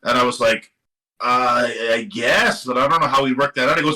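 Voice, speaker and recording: A middle-aged man from Seattle, a guest musician telling a long story in a casual, animated interview, swearing now and then and acting out what other people said. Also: mid-range voice, brisk, rough recording. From Seattle area. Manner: animated, swearing, quotes others in lively voices. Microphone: live stream microphone.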